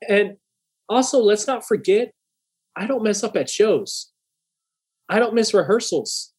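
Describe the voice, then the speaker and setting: A young man tells a story in a relaxed, profane way, and his voice jumps up when he acts out the argument. His voice sits a little high and sounds husky and breathy. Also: measured pace. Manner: profane, animated, acts out heated dialogue. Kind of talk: casual storytelling.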